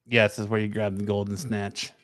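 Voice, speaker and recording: A man reads geek news items on a podcast and then riffs on them casually. His voice comes across smooth and resonant. The sound is dry and close, with no room around it. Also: fairly low pitch, flat delivery, normal speed, fairly bright tone, no room sound. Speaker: podcast co-host reading news.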